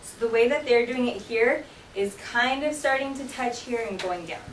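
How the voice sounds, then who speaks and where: A woman's voice: fairly high pitch, normal speed. A woman teaches a classroom full of students, walking them through vocabulary with patient explanations and frequent "okay?" checks. Her voice is picked up from a distance in a roomy, echoing classroom. A faint hiss of background noise runs underneath. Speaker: sign language teacher.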